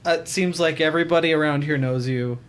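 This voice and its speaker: A man's voice: fairly high pitch, quick pace, smooth, lightly acted. A man voicing a curious young woman adventurer who asks probing questions with hesitant restarts.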